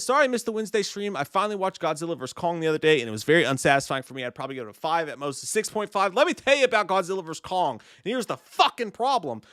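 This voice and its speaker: A man's voice: mid-range voice, a bit bright, no room sound, studio quality. A man hosting a casual live stream, reading viewer messages in a profane, laid-back way. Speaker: host.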